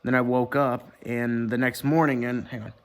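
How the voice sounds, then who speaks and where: A man's voice: medium pitch, little pitch movement, normal speed. A man talking casually to his camera at home, rambling with lots of fillers and restarts and plenty of swearing. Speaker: vlogger. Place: indoor room at home. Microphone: webcam or computer mic.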